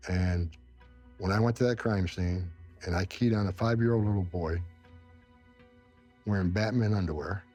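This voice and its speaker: A man's voice: low-pitched, moderate pace, long pauses, darkish tone, faint music behind. A middle-aged man from upstate New York, a former immigration enforcement director, giving intense, emotional interview answers and repeating himself when moved.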